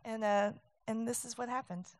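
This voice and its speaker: A woman's voice: fairly high pitch, steady tone, normal speed. A young woman, a singer and talk-show guest, chatting in a bubbly, rambling way with fillers and giggles before she sings. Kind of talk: live performance with chatty song introduction. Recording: live music stage with loud guitar.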